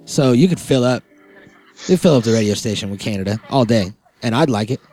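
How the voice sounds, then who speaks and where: A man's voice: medium pitch, animated, a little fast, music in the background. A man co-hosting a casual podcast chat, joking and swearing, acting out little made-up quotes. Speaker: podcast co-host.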